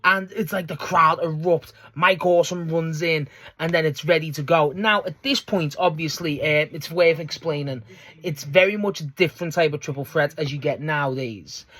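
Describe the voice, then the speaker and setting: A young man chats casually through a wrestling match recap, and his voice sits high. He gets excitable and swears often, and he jumps into shouted impressions of the promos. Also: normal speed. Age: young adult. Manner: excitable, swears a lot, acts out promo quotes. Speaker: wrestling video host.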